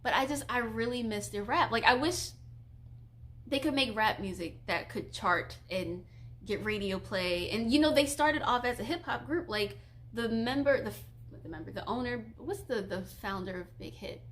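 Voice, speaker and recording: A woman's voice: on the high side, animated, normal speed, fairly bright tone. Giggly chatty woman streamer. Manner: chatty, giggly, gushing fangirl. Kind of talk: casual live-stream chat.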